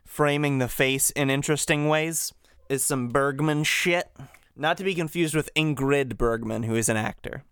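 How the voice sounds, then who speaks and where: A man with a smooth, resonant voice trades casual talk about games as a podcast co-host. His delivery is dry and joking, and the sound is close and free of room echo. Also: fairly high pitch, normal speed, fairly bright tone. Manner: dry joking, chuckles often.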